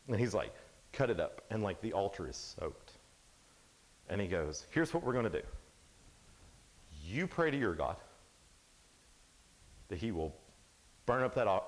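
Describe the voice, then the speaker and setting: A man in his thirties giving an animated youth camp sermon, storytelling and acting out the characters' lines. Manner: animated storytelling, acts out quotes in a higher voice. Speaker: camp speaker.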